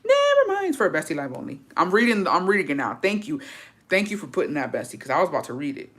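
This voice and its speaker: Young woman on a casual live stream, swearing and gossiping while she reads chat, bright crisp voice, drops spanish words. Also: low-pitched, expressive, quick pace. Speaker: livestream host. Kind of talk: casual livestream chat reading comments.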